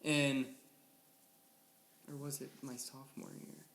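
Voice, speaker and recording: A young man co-hosting a podcast in casual chat, playful and quick to laugh. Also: mid-range voice, little pitch movement, fairly bright tone. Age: young adult. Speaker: podcast co-host. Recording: echoey room.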